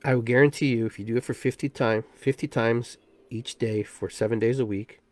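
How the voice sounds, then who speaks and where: A man hosting a podcast, giving a spiritual self-help talk in an emphatic, animated way. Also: medium pitch, brisk. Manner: emphatic, animated, acts out quoted voices. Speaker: podcast host and shaman.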